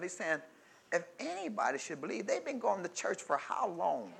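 A man preaching a sermon, reading scripture and breaking into loud call-and-response asides. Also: high-pitched, big pitch swings, moderate pace, vocal fry, husky.

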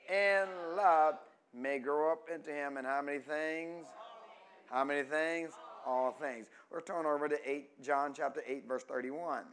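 Man preaching, call-and-response sermon, fairly high voice, emphatic drawn-out words. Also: clean tone. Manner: rises from quiet teaching to loud emphatic preaching; stretches key words slowly for emphasis. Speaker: pastor.

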